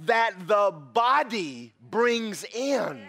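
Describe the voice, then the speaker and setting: A man preaching a sermon as pastor, animated and breaking into shouted praise. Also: sits high, very slow, vocal fry.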